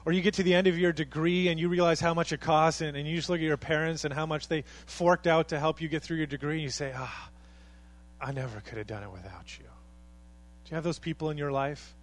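A man preaches to his congregation with steady, earnest conviction. His voice sits a little on the high side, and he rises to emphatic peaks as he acts out what people might say. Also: fast talker, few pauses, rough recording. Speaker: pastor. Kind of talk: sermon.

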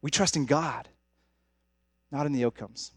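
A man's voice: fairly high pitch, a little slow, husky, dry recording, clean studio sound. A young man preaching a sermon as pastor, talking to the congregation in a direct, conversational way. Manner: conversational, direct, addresses audience as guys.

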